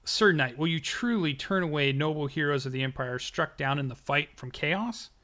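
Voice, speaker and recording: A man's voice: fairly high pitch, normal speed, sharp tone. A man putting on a pleading nun. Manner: plaintive, pleading. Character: pleading nun from a burned convent.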